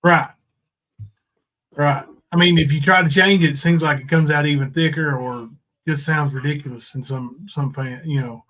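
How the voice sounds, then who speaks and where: Man, slightly high voice, casual livestream co-host, jokey, reads chat aloud. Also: steady tone, normal speed, a bit bright.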